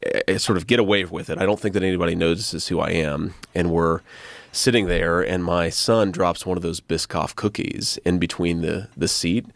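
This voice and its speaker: A man's voice: low-pitched, steady tone, moderate pace, vocal fry, no room sound. A man guesting on a podcast, telling stories in a casual way and often breaking into laughter. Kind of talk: casual storytelling.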